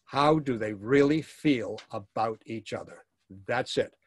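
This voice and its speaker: A man's voice: medium pitch, a little slow, slightly rough, no echo, clean studio sound. A man teaching a workshop to actors and directors, speaking emphatically and repeating his key phrases.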